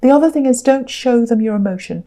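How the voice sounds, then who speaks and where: Woman, tarot reader, warm mellow tone, earnest, direct advice. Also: fairly high pitch, fast talker. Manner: earnest, repeats herself for emphasis. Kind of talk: tarot reading monologue.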